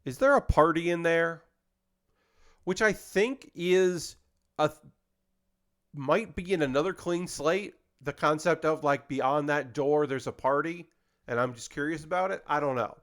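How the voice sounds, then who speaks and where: A male comedian and host in casual chat, rambling and self-deprecating as he talks through his ideas. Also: on the high side.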